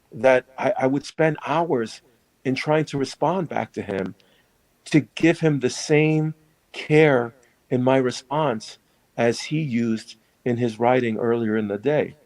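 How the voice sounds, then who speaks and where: A man's voice: medium pitch, darkish tone, dry recording, low-quality recording. A man who is a priest, telling his story in an interview in an earnest, reflective way.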